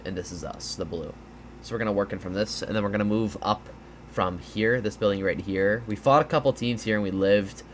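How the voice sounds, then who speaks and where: A man with a fairly low pitch talks briskly over slight background noise. It's a casual gameplay breakdown: he explains strategy over a map, tired and yawning, rambling with fillers and restarts.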